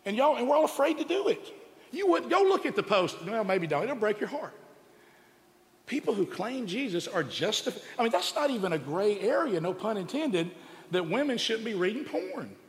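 A man preaching an impassioned sermon, emphatic and full of rhetorical questions that build to loud exclamations. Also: high voice, very animated, normal speed. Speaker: preacher and radio show host. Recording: echoey hall with long reverb.

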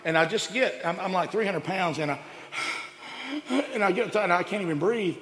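A middle-aged man performs stand-up, telling a long story with animated energy and leaping into character voices for the people he quotes. His voice sits high and sounds bright. It rings out through a large reverberant hall, with a faint hiss underneath. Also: a little fast. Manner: animated, acts out quoted voices with big pitch jumps. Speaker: stand-up comedian.

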